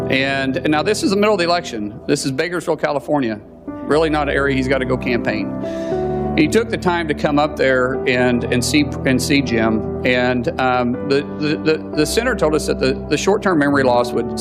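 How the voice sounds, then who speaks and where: A man tells a personal story in a heartfelt, halting way, often restarting his sentences. His voice sits at a middle pitch, and loud guitar music plays behind him. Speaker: talk show guest.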